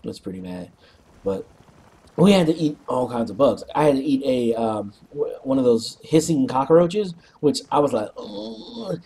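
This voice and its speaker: A man casually telling a rambling, animated story, clearing his throat often and swearing freely. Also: mid-range voice, normal speed. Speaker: co-op gaming channel host.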